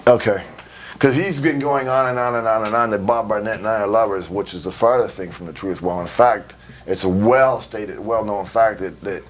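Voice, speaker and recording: A man giving a blunt, rambling interview, swearing freely and laughing between stories. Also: fairly low pitch. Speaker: interviewee, wrestler. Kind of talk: casual profane interview. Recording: recorded in 2002.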